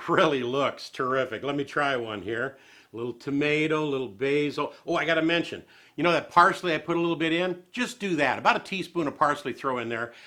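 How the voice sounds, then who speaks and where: A man's voice: on the high side, sharp tone. A man hosting a home cooking show, chatting in a homespun, folksy way and chuckling as he goes.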